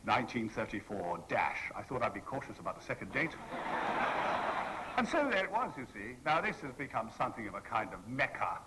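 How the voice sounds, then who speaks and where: A man's voice: mid-range voice, sing-song, brisk, noisy background. A man in his sixties telling stories on a convention panel, playful and theatrical, acting out the people he quotes. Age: 60s. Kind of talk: anecdotal storytelling to an audience. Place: convention hall panel with an audience.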